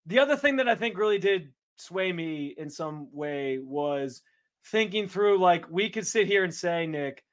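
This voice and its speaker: A man co-hosting a sports podcast, talking in an animated, blunt way and swearing freely in casual debate. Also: high voice, unhurried.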